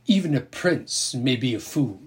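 A man voicing a lively, imaginative young girl who talks in a playful, grand make-believe way. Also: mid-range voice, a little slow, natural voice.

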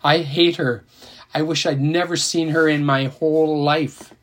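A man's voice: fairly high pitch, fairly even intonation, measured pace, fairly bright tone. A man voicing a grieving young boy who sobs and insists he does not care, reading a storybook aloud. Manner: sobbing, insistent.

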